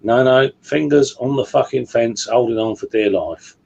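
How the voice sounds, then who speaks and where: A man's voice: medium pitch, moderate pace, vocal fry, darkish tone, breathy edge, dull audio. A man telling a crude joke in casual chat, checking in with his listeners as he goes. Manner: crude, chatty storyteller who keeps checking in with listeners.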